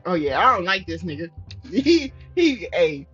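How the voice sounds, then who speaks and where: A woman streamer reading a story game aloud and reacting with loud, profane, animated trash talk. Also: on the low side, unhurried, slightly rough, lo-fi sound, faint music behind. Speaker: gaming streamer.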